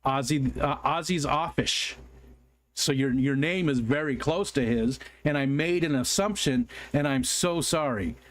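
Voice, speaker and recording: An American man hosts a casual livestream, chatting and reading viewer comments aloud. His voice is medium in pitch at a measured pace, and he rambles apologetically with frequent ums and restarts.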